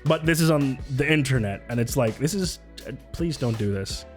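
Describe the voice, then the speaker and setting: A man's voice: medium pitch, animated, normal speed, faint music behind. A man streaming live, reacting to videos with sarcastic, swear-laden commentary and frequent laughs, close to the mic.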